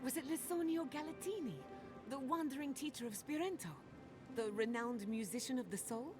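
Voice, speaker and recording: A woman's voice: sits high, a little fast, natural voice. An actress playing a curious, polite female companion in a video game, asking light questions. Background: game music.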